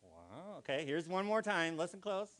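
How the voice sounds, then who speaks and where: A man's voice: a little high, big pitch swings, normal speed, fairly bright tone. A man giving a playful, interactive talk to a live congregation, acting out vocal inflections and quizzing the audience. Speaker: guest speaker at a spiritual community gathering.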